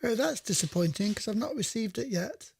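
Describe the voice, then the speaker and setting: A man's voice: sits high, animated, brisk, vocal fry, a little mellow, husky, no room sound. A man hosting a radio music show, chatting casually, thinking aloud and correcting himself as he goes, at a studio microphone. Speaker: radio DJ host.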